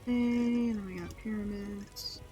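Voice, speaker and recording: A woman's voice: medium pitch, steady tone, takes it slowly, mellow, soft background music. A woman streaming a game, chatting casually, thinking aloud and swearing now and then. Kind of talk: casual let's-play chat.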